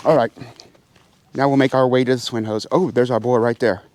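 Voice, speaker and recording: Bird-keeper vlogger, man, chatty, mid-pitched voice, slips into a higher coaxing tone when he addresses his birds. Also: steady tone, brisk, darkish tone. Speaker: pheasant farmer and channel host. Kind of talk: casual vlog narration while doing chores. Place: outdoor aviary pens.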